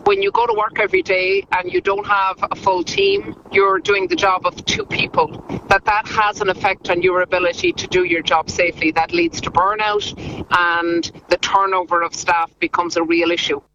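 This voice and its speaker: A male union leader explaining deliberately in an interview clip. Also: sits high. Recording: dull clip with loud background noise.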